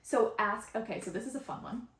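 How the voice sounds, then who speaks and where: A woman hosting a spiritual podcast in a chatty, excitable way, laughing often and using casual slang, recorded on her phone. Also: a little high, a little fast, roomy sound. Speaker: podcast host and channeler.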